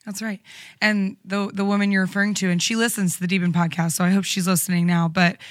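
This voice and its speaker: A woman's voice: medium pitch, level tone, fast talker, no echo. Woman, podcast co-host, supportive, earnest, dry studio sound. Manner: supportive, earnest, frequent affirmations. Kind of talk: casual podcast conversation.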